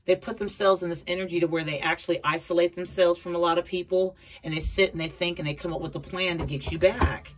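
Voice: mid-range voice, steady tone, quick pace, hardly any pauses, a bit bright, a little hiss or hum. An adult tarot reader giving a casual, blunt reading to viewers, repeating points and talking to them as a collective. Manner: chatty, repeats herself, addresses viewers as a collective; blunt, occasional swearing.

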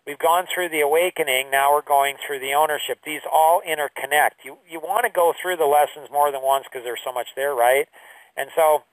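A man teaching a business course through rambling stories, full of fillers, his voice jumping high when he quotes people. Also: brisk, no room sound, distant mic, rough recording. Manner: rambling storyteller with many fillers. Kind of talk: anecdotal online lesson.

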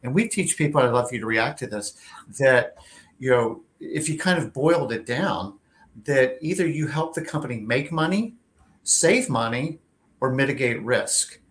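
A man's voice: medium pitch, lively intonation, normal speed, a bit bright. Chatty man hosting a career show. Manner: chatty, tells anecdotes, hedges with "like" and "you know". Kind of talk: casual interview chat.

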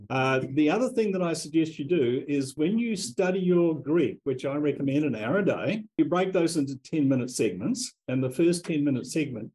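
A man's voice: medium pitch, warm tone, poor audio. A man teaching a language class, enthusiastically leading the group through chanted call-and-response drills.

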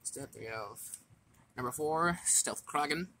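Going over his card deck in a relaxed way, a man reads out each effect in fits and starts, tripping and starting over. He sounds animated, with a fairly high, pushed, bright voice.

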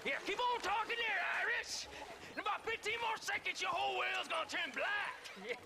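A man's voice: extremely high pitch, normal speed, gravelly, background noise. An actor playing a hot-tempered Welsh outlaw man in a western game, taunting and sneering, with a Welsh accent. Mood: menacing.

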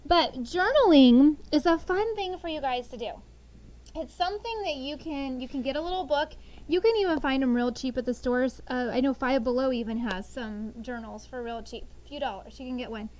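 A middle-aged woman teaching a sixth grade class, talking lively and telling funny family stories to the students. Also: high-pitched, normal speed, rough recording. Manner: lively, animated storytelling. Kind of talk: classroom lesson with storytelling.

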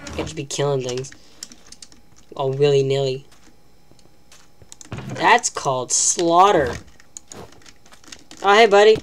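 A woman's voice: sits low, slow, long pauses, slight background noise. A woman giving live, self-mocking commentary while playing a video game, talking to herself as she plays. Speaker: gaming channel host.

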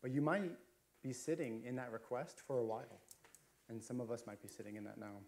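A man's voice: mid-range voice, steady tone, a little fast, vocal fry, darkish tone. A man preaching a sermon as a pastor, chatty and storytelling, with frequent fillers and restarts. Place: church sanctuary.

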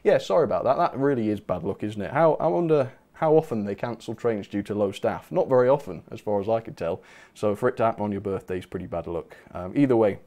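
A man's voice: on the low side, expressive, fast, mellow. A man hosting a live stream, chatting casually and reading out viewer messages with bursts of enthusiasm. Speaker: channel host.

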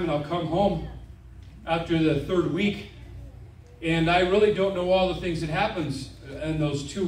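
A middle-aged man preaching a sermon as a visiting evangelist, animated, with stammered restarts and frequent amens. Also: high-pitched, distant mic, a little hiss or hum. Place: church sanctuary. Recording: echoey church, voice from afar.

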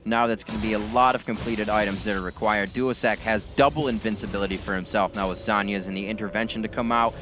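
A man doing play-by-play commentary on an esports match, whose voice jumps high and loud when fights break out. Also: quick pace, hardly any pauses, over music. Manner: erupts into high-pitched excitement during fights. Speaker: esports caster.

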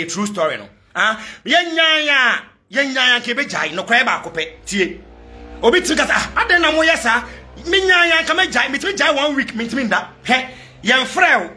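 A Ghanaian man delivering a fiery vlog rant to supporters, switching between Twi and English and breaking into shouts. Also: high-pitched. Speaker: political commentator addressing supporters abroad.

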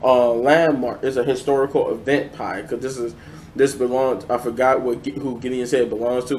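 A man talks through a review off the cuff, his voice sitting at an ordinary middle pitch. He restarts sentences often and leans on fillers, keeping a loose, conversational flow. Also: darkish tone. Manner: rambling, many fillers and restarts. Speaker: show reviewer. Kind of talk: casual unscripted review.

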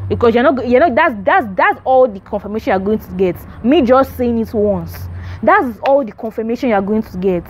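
A woman's voice: on the high side, darkish tone, slight background noise. A young adult woman gives an emphatic, repetitive faith teaching to camera, urging her listeners on. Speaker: Christian vlogger.

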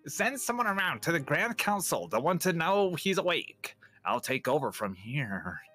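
A man's voice: a little high, sing-song, moderate pace, pushed and bright, no room sound, faint music behind, voice pushed up, exaggerated voice. A man voicing a nerdy, officious doctor with a nasal delivery.

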